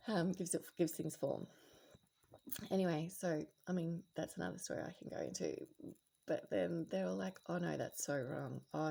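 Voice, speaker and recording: A woman with a low, heavily gravelly voice that is dark and husky in tone. She talks in a casual late-night monologue, rambling and reflective, often restarting her sentences. Now and then she slips into soft whispered asides. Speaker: spiritual vlogger.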